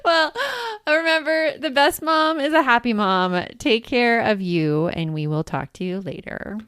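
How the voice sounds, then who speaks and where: A woman co-hosting a podcast in casual chat, talking in an expressive, laughing way. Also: on the high side, unhurried, clean tone, no echo, clean studio sound. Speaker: podcast co-host.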